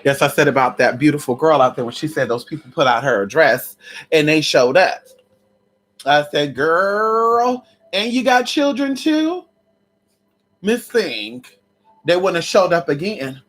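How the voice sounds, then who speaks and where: A woman whose voice sits low, with a breathy edge and a moderate pace, runs a casual conjure livestream. Sassy and chatty, she calls viewers "honey" and "girl" and breaks out in loud laughs and exclamations.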